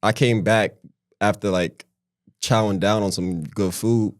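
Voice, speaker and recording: A man around thirty talks as a podcast guest in a fairly low voice, relaxed and joking. The sound is dry and close, with no room echo. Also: unhurried. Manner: laid-back, joking, relaxed storytelling. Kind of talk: casual podcast chat.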